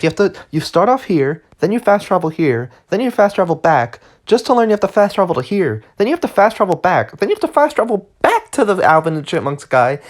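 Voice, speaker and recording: A woman's voice: mid-range voice, sing-song, a little fast, hardly any pauses, darkish tone. A woman giving casual, exasperated game commentary, rambling and sarcastic as she walks through a side quest. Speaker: gaming video creator.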